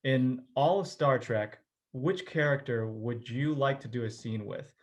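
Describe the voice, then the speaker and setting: A man hosting an interview over a video call, asking questions and reacting with quick exclamations. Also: medium pitch. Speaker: interview host.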